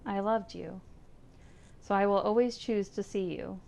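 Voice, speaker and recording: A woman reading as a grieving cat owner, gently pleading. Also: mid-range voice, a little slow, gravelly. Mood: tender. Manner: soft, tender, pleading. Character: grieving woman saying goodbye to her old cat. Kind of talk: reading visual novel text aloud.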